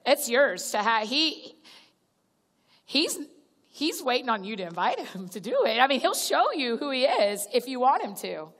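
A woman with a high-pitched, slightly bright voice and big pitch swings speaks at normal speed as a guest speaker at a church gathering. Her conversational sermon is chatty and direct, calling listeners y'all, restarting sentences and acting out little prayers. The recording has the long reverb of a large church auditorium.

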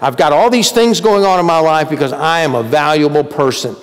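A man preaching a sermon as pastor in a conversational way, swinging between emphatic rises and quiet drops. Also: on the high side, a little fast, long reverb tail. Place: church sanctuary.

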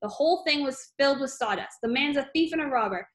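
A woman's voice: sits high, lively intonation, fast talker. A woman reading aloud, voicing a bullying, scornful headmistress with a harsh, barking manner. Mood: ranting.

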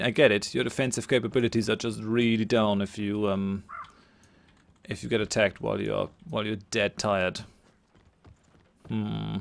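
A man's voice: fairly low pitch, vocal fry. A man hosting a let's play, thinking aloud as he plays and reads game text aloud. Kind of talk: gameplay commentary.

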